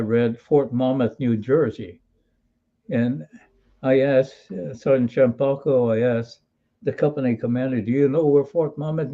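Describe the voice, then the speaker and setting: A man in his eighties from Hawaii, a military veteran, tells wry, folksy stories during an interview, frequently restarting. His voice sits at medium pitch, and the audio has a phone-quality sound.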